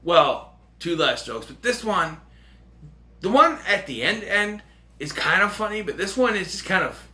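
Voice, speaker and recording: A man's voice: high voice, lively intonation, a little slow, bright, forceful tone. A man hosting his own channel, giving a casual, rambling movie review with lots of fillers and chuckling asides.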